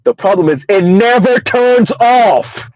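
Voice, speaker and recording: A man's voice: sits high, lively intonation, slow pace, darkish tone, no room sound, muffled recording. A man hosting a casual livestream commentary, emphatic and rambling, chuckling between points. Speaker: commentary channel host.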